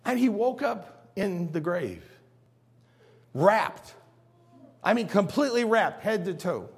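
A pastor preaching a sermon in a church, acting out scenes and swinging between hushed and loud. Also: male voice, high voice, very animated, slow pace, creaky, breathy edge.

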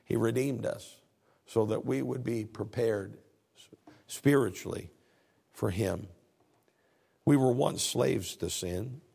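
A male pastor preaches earnestly, reading scripture aloud. His voice has a gravelly, husky grain at a middling pitch, and he often stumbles over repeated words. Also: slow pace, long pauses, dark tone. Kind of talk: sermon.

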